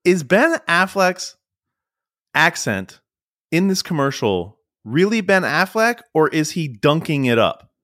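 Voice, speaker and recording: A man's voice: a little high, slow pace, dry recording, clean studio sound. A man co-hosting a podcast, chatting playfully about sports and pop culture, often restarting his sentences. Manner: animated, stumbling restarts, playful. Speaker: podcast co-host.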